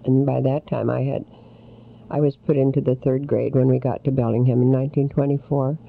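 An older man recounting his childhood in an oral history interview, in a slow, halting way. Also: medium pitch, little pitch movement, vocal fry, narrow, tinny audio.

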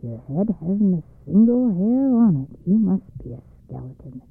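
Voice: mid-range voice, big pitch swings, normal speed, vocal fry, slightly rough, exaggerated voice. A storyteller voicing an impatient, greedy male evil spirit in a read-aloud folktale, urging and bossing in a raised voice. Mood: urgent. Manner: urgent, bossy. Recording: dry, phone-like narrow band.

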